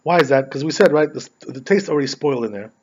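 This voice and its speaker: A man's voice: medium pitch, lively intonation, fast, husky. A male rabbi giving a conversational lesson on religious law and telling stories, often checking in with "right?". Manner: conversational, frequent "right?" tag questions. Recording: dull lo-fi recording.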